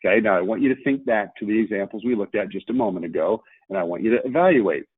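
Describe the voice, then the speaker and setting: A man's voice: on the low side, lively intonation, quick pace, husky, dry recording. A man giving a marketing webinar lecture, emphatic, with rhetorical questions and repeated key words. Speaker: marketing presenter. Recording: tinny phone-like line, dry.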